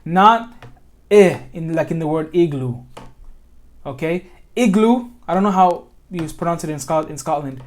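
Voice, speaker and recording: In a one-on-one tajweed lesson, an American tutor with a medium-pitched, animated voice patiently demonstrates Arabic sounds slowly. He often asks "okay?" to check understanding and corrects himself mid-sentence.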